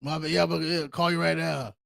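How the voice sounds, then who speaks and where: A man's voice: a little high, flat delivery, a little fast, creaky, fairly bright tone, dry recording, clean studio sound. A man hosting a casual livestream, talking in a slangy, hyped-up way and calling viewers bro. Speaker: credit repair livestream host.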